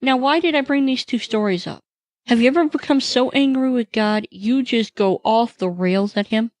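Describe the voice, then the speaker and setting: A woman hosting a solo podcast, talking through a devotional topic in an animated storytelling way and acting out the people she quotes. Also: on the high side, moderate pace, no echo. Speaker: podcast host.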